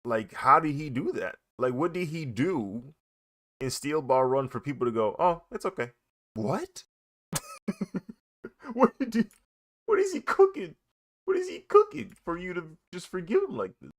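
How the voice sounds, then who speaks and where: A young man chatting casually while he draws, animated and laughing often as he talks. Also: a little high, measured pace. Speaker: artist vlogger. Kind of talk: casual chat while drawing.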